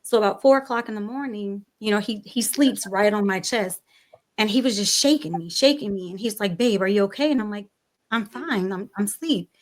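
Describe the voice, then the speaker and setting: Young adult woman, panel guest, animated storyteller, voices the people she quotes. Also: medium pitch, fairly quick. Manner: animated storyteller, acts out dialogue. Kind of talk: personal story on a talk show panel.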